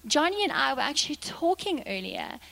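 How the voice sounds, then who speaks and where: A woman's voice: high-pitched, sing-song, fairly quick, creaky, sharp tone, long reverb tail, heavily acted, low-quality recording. A woman voicing a scheming older sister with a sweet, sly manner. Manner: sugary, sly.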